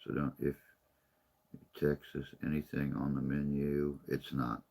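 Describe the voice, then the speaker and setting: A man's voice: rumbling low, monotone, a little slow, creaky, darkish tone. A man chatting casually on a live stream, rambling and folksy, a little tired and unwell.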